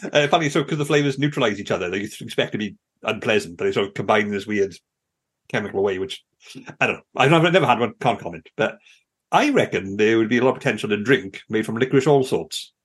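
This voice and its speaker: A man's voice: fairly low pitch, animated, quick pace, husky. A British man co-hosting a podcast, telling rambling stories in casual chat and laughing often. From Britain. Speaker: podcast co-host.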